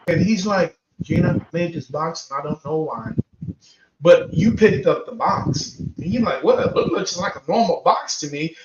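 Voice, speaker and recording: A man hosting a paranormal podcast, casually telling a guest an animated hypothetical story and often calling her by name. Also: high-pitched. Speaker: podcast host. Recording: roomy, distant, muffled live stream with noise.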